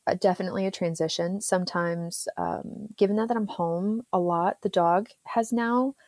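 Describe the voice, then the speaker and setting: A woman's voice: medium pitch, a little mellow, no echo. A woman therapist, a podcast guest, chatting casually with frequent laughs and fillers. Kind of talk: casual interview chat.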